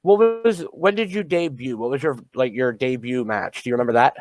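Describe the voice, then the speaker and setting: A man's voice: mid-range voice, a little fast. A man hosting a casual interview, eager and stammering as he asks questions. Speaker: interviewer, podcast host.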